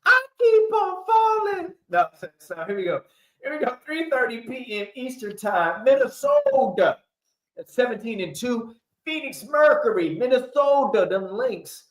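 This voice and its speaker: A man's voice: very high voice, expressive, moderate pace. A man hosting a casual livestream sports chat, talking in a playful, laughing way as he hypes up the picks. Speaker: host. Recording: echoey room.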